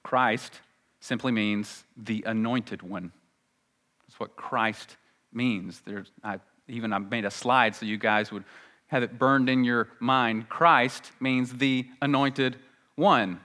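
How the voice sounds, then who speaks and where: A man preaching a sermon as pastor, emphatic, slowing down to stress key words and asking rhetorical questions. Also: mid-range voice, bright, forceful tone. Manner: pauses and slows down to stress words.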